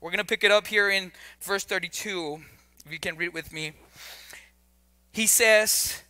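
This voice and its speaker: Male pastor, sermon, conversational, repeats himself, jokes, high voice, slow delivery. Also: bright, forceful tone. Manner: conversational, repeats words, joking asides.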